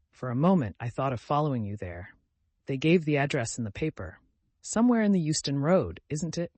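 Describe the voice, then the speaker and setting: A man's voice: fairly high pitch, darkish tone, no echo. A man reading the part of a grave older male painter, earnest and pleading, in a dry recording.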